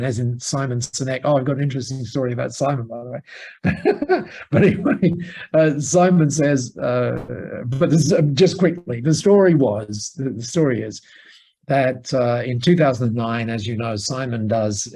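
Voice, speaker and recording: A man with a gravelly, husky voice and a mellow, warm tone tells stories in an interview. He talks like a business mentor, animated and chatty, doubling back on himself and stopping for asides. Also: a little high, poor audio. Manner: animated anecdote-telling, many restarts and asides. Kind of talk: conversational storytelling interview. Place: lives in Singapore.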